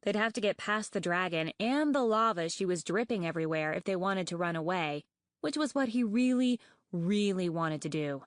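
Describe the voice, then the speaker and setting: A woman narrating an audiobook in a measured, expressive reading voice. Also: fairly low pitch, no echo, studio quality. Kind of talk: scripted narration.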